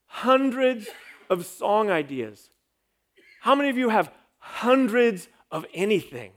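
A man, a pastor, giving an emphatic sermon with a sarcastic edge. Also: fairly high pitch.

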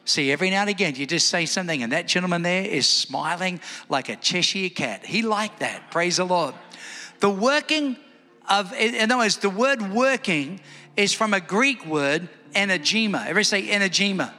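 A man preaching a sermon in a church hall, lively and calling on the congregation to respond. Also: high-pitched, fairly quick. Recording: echoey hall with faint music.

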